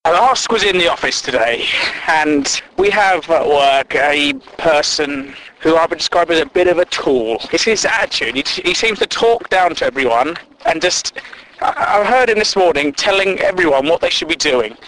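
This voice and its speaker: Man telling animated comic stories. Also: a little high, normal speed, rough recording. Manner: silly, mocking impressions of coworkers. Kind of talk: comedic solo storytelling.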